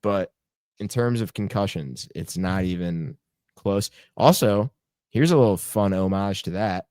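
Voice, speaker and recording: A young man with a deep, low voice co-hosts a casual sports podcast. He rambles through his points with fillers and the odd curse word. The sound is dry and close. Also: expressive, measured pace, a little mellow, no echo. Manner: rambling, filler-heavy, profane banter. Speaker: podcast co-host.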